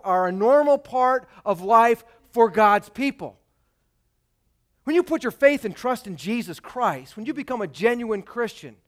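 A male pastor preaching a sermon, reading scripture dramatically and swinging between loud emphatic peaks and quiet, dropped phrases. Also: high-pitched.

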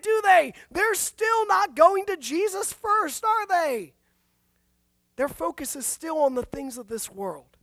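High-voiced woman pastor preaching animatedly. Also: moderate pace, dry recording. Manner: animated, asks rhetorical questions, self-deprecating asides. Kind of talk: sermon.

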